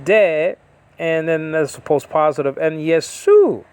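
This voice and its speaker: A man teaching a Bible lesson in a halting, informal way, with many fillers as he sounds out Hebrew and Greek words. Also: fairly high pitch, darkish tone, smooth. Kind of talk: informal scripture study.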